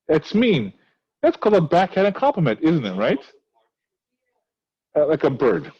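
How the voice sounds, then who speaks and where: A man's voice: fairly high pitch, very animated, moderate pace, pauses often, warm tone, slightly rough, muffled recording. A male teacher explaining a play to his class, asking many rhetorical questions. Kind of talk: recorded class lesson on a play.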